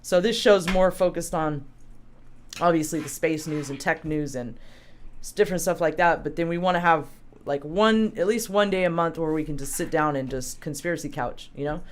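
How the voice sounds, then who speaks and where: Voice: medium pitch, normal speed. Rambling live-stream co-host. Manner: rambling, self-interrupting storyteller who reads out viewer chat. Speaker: livestream co-host. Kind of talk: casual live-stream chat.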